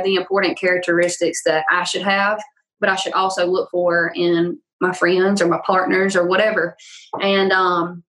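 Guest: young Southern woman with a thick Louisiana drawl, lively, laughing, casual podcast chat. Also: fairly low pitch, rough recording. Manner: laughs often, animated storytelling. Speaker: country singer-songwriter guest.

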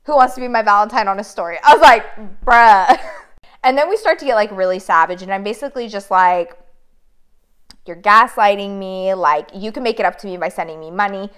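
A woman's voice: mid-range voice, a little fast, fairly bright tone, smooth. A woman in casual chat, telling a story animatedly, swearing and quoting messages.

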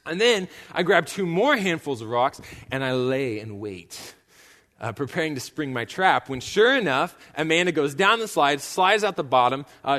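A man's voice: a little high, fairly bright tone. A young male pastor preaching a sermon, telling a story casually with frequent fillers. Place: church sanctuary. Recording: long church reverb.

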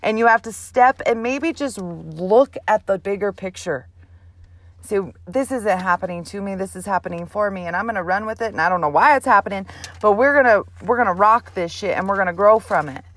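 Blunt, foul-mouthed mom giving a pep talk. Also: female voice, medium pitch, brisk, fairly bright tone, no echo. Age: adult mother. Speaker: host. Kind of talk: motivational vlog monologue.

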